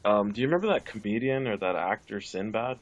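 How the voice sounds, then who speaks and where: A man's voice: fairly low pitch, quick pace, muffled recording. A man who is a guest on a podcast, retelling a story in loose casual chat full of "like" and swearing.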